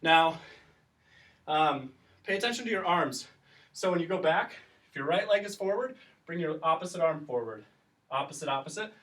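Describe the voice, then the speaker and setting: A teacher leading a kids' class workout counts down reps and explains the moves as he exercises, panting from the exertion in this instructional video. His voice is a little high, expressive, and a bit bright, at a moderate pace with long pauses. He sounds far from the microphone.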